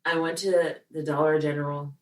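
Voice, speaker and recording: A woman's voice: low-pitched, level tone, normal speed, recorded from a distance. A woman co-hosting a casual podcast, blunt and indignant, swearing freely. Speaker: podcast co-host. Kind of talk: casual chat. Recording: echoey room, off the mic.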